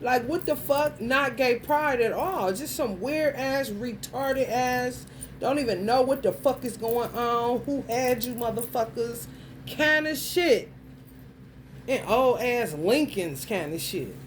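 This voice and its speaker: A woman's voice: fairly high pitch, takes it slowly, slight background noise. A woman vlogger delivering a blunt, crude rant full of swearing and street slang. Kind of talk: profane stream-of-consciousness rant.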